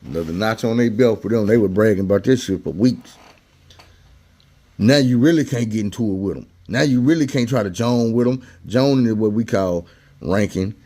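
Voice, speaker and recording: Speaking at a moderate pace in a warm, fairly low voice, a man tells a personal story in loose, slangy everyday language. He keeps things conversational and slips into the voices of the people he quotes.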